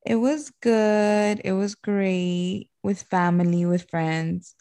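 A young woman and new mother co-hosting a casual chat podcast, relaxed and rambling as she tells stories. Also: mid-range voice, slow, clear, resonant tone, dry recording. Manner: relaxed, rambling, warm storytelling with fillers. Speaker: podcast co-host.

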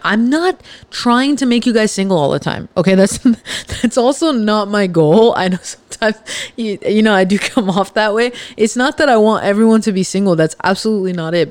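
A woman's voice: medium pitch, darkish tone, no echo. A woman hosting a podcast, talking casually and emphatically as she gives her listeners a pep talk. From Los Angeles, California. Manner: chatty and emphatic, with laughs and restarts. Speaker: podcast host.

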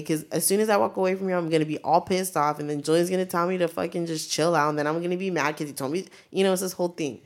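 A woman's voice: lowish voice, fairly even intonation, fast talker, few pauses. A young adult woman co-hosting a podcast, telling a blunt, profane story in casual chat. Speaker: podcast co-host.

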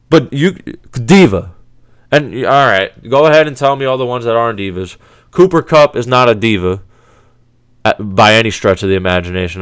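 A man hosts a sports podcast in a heated, profane rant. His pitch swings widely as he gets exasperated, and he stumbles and restarts his sentences. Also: a bit bright.

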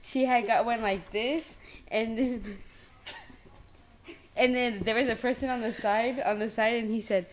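A young woman guest telling a funny story in a relaxed way and building to the punchline. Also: a little high, measured pace, pauses often. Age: young adult. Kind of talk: casual chat.

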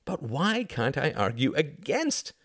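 A man's voice: medium pitch, very animated, slow, fairly bright tone, no room sound, studio quality, voice pushed up, heavily acted. A man voicing a skeptical young male student who keeps questioning and pressing his point. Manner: questioning, insistent.

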